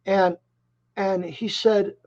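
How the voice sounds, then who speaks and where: A man in his seventies from Chicago, a musician guest telling stories in a rambling, animated way, often restarting his phrases. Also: high voice, extremely slow. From Chicago, USA. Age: 70s. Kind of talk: casual interview storytelling. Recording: dull lo-fi audio.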